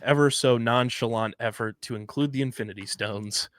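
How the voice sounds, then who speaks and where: A man's voice: mid-range voice, moderate pace, fairly bright tone. A man co-hosting a podcast, casually recapping an episode's plot with joking asides. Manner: narrates plot points with jokey asides and fillers. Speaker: podcast co-host.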